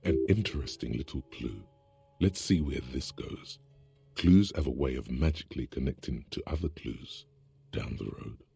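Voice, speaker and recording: A man voicing the wry, sardonic inner voice of a detective's mind in a video game, with a very deep gravelly voice. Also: normal speed, mellow, full character voice. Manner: dry, sardonic narration.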